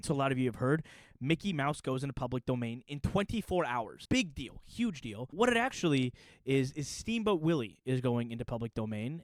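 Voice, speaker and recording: A young man talking casually to his viewers in a chatty, joking manner, with quick asides. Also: on the high side, no room sound. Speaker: youtuber. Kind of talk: casual vlog explainer.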